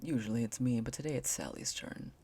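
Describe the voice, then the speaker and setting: A woman voicing a quiet, earnest young male roommate with an Indian accent, speaking slowly and softly. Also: a bass voice, husky, no room sound, exaggerated voice. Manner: slow, soft, near-whispered.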